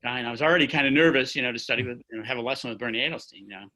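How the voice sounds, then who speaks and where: Bright-voiced man in his sixties, rambling storyteller. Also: mid-range voice, very fast, rough recording. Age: 60s. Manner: long-winded, rambling, full of restarts. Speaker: orchestra trumpet player, guest. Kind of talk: anecdotal storytelling in an interview. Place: at home by his music stand.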